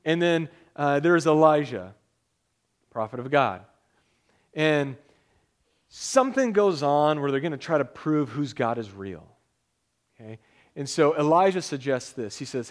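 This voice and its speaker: A man, a pastor, giving a casual, conversational sermon with jokes, reading scripture aloud in a measured way. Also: on the high side, lively intonation.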